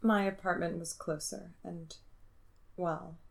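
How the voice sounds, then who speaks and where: A woman reading a story, voicing a gentle, guilt-ridden young man who speaks in hushed, breathy tones. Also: lowish voice, flat delivery, slow pace. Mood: tender.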